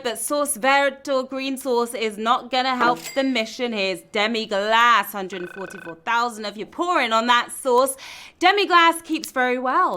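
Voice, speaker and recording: Woman trivia host, high and bright, quippy and playful delivery. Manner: playful, quippy, teasing asides. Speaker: quiz show host. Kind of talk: live trivia game hosting.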